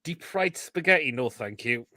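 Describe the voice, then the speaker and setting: A man with an English accent hosting a casual live stream, reading out viewer comments, swearing freely and laughing loudly. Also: mid-range voice, expressive, moderate pace. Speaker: show host.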